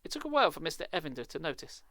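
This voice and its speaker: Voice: mid-range voice, big pitch swings, racing, pushed and bright, dry recording. A streamer reading a children's horror book aloud live, with casual, sarcastic, swearing asides.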